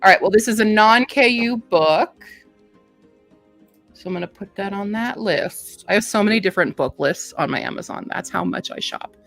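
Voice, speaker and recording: A woman's voice: medium pitch, normal speed, creaky, fairly bright tone, faint music behind. A woman hosting a casual book review chat, laughing often and reading blurbs aloud.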